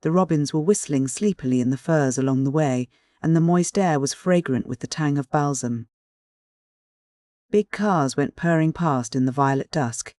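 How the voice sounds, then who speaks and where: In a measured storytelling manner, an audiobook narrator reads a classic novel as scripted narration. The mid-range, slightly mellow voice is recorded at studio quality with no echo.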